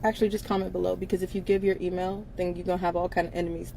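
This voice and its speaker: A woman's voice: lowish voice, level tone, racing, vocal fry, warm tone, low-quality recording. A woman hosting a casual livestream, talking bluntly with frequent swearing and laughter. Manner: blunt, profane, laughs often between lines. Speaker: livestream host.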